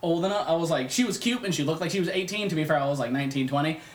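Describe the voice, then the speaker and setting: A young man, co-hosting a casual podcast and telling a profane, animated story that acts out the other voices. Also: on the high side, racing. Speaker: podcast co-host. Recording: echoey room.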